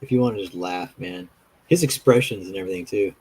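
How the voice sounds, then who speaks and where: A man chatting casually as a show host, rambling through animated stories with frequent laughs. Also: low-pitched, fairly quick, a little hiss or hum. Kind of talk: casual chat.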